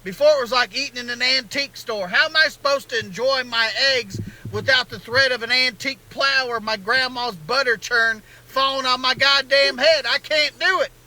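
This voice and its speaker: A man's voice: very high-pitched, normal speed, few pauses, sharp tone, full character voice, rough recording. A comedian playing an indignant Southern man ranting about his favorite restaurant, in a folksy Southern drawl. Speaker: comedian in a satirical clip.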